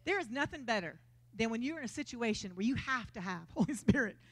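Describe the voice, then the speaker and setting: A woman preacher delivering a lively, conversational sermon in a church, acting out quotes as she goes, with a Texan accent. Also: fairly high pitch, fast talker, slightly rough.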